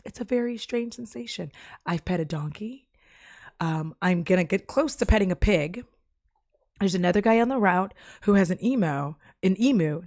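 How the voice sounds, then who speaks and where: On her live stream, a woman chats casually in a fairly low, darkish voice, drifting from topic to topic while cracking jokes and puns. The recording is dry and clean, with a studio sound.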